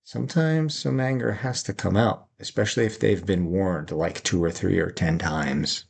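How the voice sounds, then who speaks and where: Middle-aged guy with a raspy, fry-heavy voice, chatting about life lessons, acts out little quotes. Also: sits low, moderate pace, a little mellow. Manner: storytelling, laughs often, acts out quotes. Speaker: vlogger giving life advice. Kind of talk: reflective personal talk.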